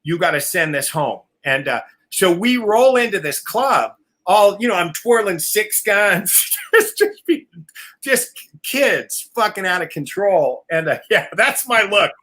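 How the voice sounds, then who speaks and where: A man's voice: high-pitched, expressive, unhurried, sharp tone. A man telling wild road stories on a casual live video call, laughing often, swearing freely and acting out other people's voices. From family from Oklahoma.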